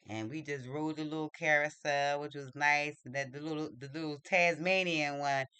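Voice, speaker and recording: A man telling a personal story in a casual, animated and chatty way, acting out what people said. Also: fairly high pitch, moderate pace, clear, resonant tone, no echo. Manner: animated, chatty, acts out quotes. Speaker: vlogger.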